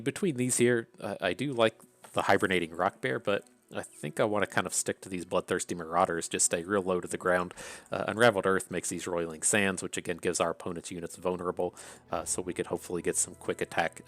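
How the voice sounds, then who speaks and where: Low-pitched and fairly bright, this man's voice carries an Appalachian accent. He's a card game content creator, musing casually over card draft picks with plenty of fillers and restarts.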